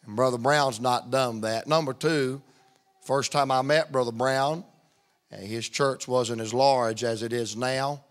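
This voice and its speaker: A man's voice: mid-range voice, fairly even intonation, unhurried. Man, middle-aged, visiting preacher, folksy, joking, storytelling. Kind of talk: humorous sermon opening.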